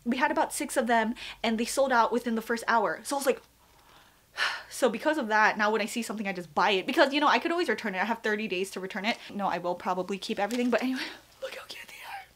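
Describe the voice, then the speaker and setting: Gushing, excitable young woman vlogger. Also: on the high side, fast talker. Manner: gushing, excitable, chatty with many fillers. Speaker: vlogger showing a shopping haul. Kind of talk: casual chat. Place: at home.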